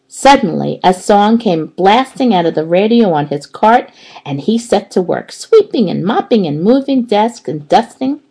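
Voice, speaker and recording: A woman reading a children's story aloud with an expressive, dramatic delivery. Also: medium pitch, normal speed, husky, poor audio. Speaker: storybook reader. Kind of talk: expressive read-aloud narration.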